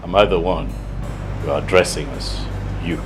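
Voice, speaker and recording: An actor with a Nigerian accent playing a proud older prince who demands respect, stern and lecturing. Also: male voice, low-pitched, fairly even intonation, moderate pace, close to an everyday voice. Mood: puzzled. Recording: film soundtrack with clear music.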